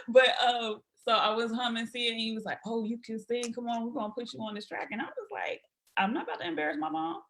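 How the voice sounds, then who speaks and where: A woman's voice: a little high, a little fast. A woman guest on a podcast telling casual stories, acting out the voices of the people in them. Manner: animated anecdotes acting out quoted voices. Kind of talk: casual storytelling.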